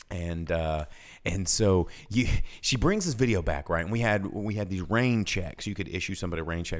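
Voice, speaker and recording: A man hosting a live show, telling a work story in casual chat and mimicking customers in a high voice. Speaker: podcast host.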